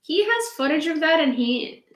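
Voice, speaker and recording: A woman's voice: high-pitched, very animated, moderate pace, fairly bright tone, echoey room. A woman from Ukraine hosting a casual livestream chat at home, teasing and laughing a lot. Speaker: podcast host and reporter. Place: room at home with dogs.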